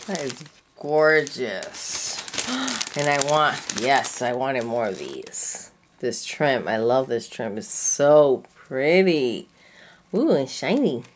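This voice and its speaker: A woman's voice: rumbling low, sing-song, slow, slight background noise. A woman chatting casually as she unboxes craft supplies, gushing and gasping with delight over each item. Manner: gushing, breathy gasps and delighted exclamations. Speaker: craft vlogger.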